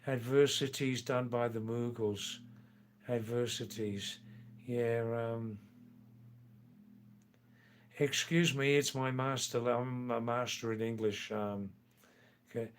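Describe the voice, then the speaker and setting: An older man chats slowly and unhurriedly on a live stream. He reads viewer comments aloud and answers them with playful, teasing remarks, his voice sitting at an ordinary middle pitch. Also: fairly even intonation, slight background noise. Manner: slow, playful, teasing asides. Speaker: livestream host.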